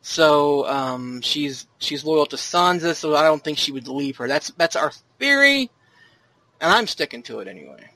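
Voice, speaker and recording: A man with a fairly high voice hosts a casual podcast, steering the talk with quips and easy laughter. The sound is dry and close, with no room around it. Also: big pitch swings, moderate pace, sharp tone, no room sound. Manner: jokey, leads the discussion. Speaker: podcast host. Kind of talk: casual chat about a TV trailer.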